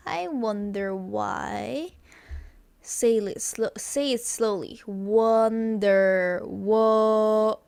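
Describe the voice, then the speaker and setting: A woman's voice: mid-range voice, creaky, darkish tone, no room sound. A woman with Korean as her first language, teaching Korean pronunciation in English, repeating each example sound many times and drawing it out. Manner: drawn-out example sounds, frequent fillers. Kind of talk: slow, repetitive pronunciation lesson.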